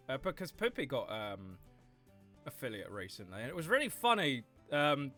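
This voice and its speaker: A gaming streamer chatting casually to viewers in an animated way, laughing often, at a home desk mic. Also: medium pitch. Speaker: gaming livestreamer. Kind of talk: casual livestream commentary.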